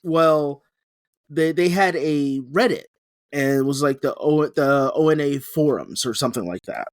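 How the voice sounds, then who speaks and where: A man's voice: fairly high pitch, a little slow, no echo, studio quality. A young man on a podcast, chatting casually and rambling, often restarting sentences and laughing. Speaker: podcast co-host. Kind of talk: casual chat.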